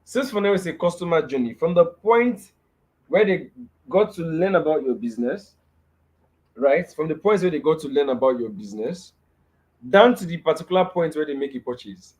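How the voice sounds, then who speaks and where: A man's voice: on the high side, expressive, normal speed, a little mellow. A young man with a Nigerian accent teaching a live webinar over a video call, repeating key phrases and often checking in with "right?". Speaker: webinar speaker.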